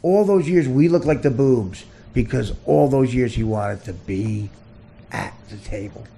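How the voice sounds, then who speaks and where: A man hosting a podcast, launching into a profane comedic rant that swings between loud shouted bursts and low muttering, with stammered restarts. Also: measured pace, gravelly, a little hiss or hum. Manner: heavy cursing, repeats and stammers. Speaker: podcast host.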